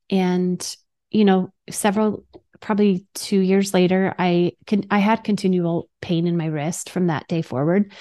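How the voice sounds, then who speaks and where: A woman in her thirties hosting a podcast, telling her own story in a halting, soft-spoken way with many fillers. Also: lowish voice, dry recording, studio quality. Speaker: podcast host. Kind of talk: personal storytelling.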